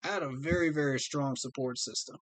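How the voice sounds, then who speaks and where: A man whose voice sits a little high talks briskly, with no echo in the audio. He's a fan livestream host speaking to his audience in an earnest, heartfelt manner.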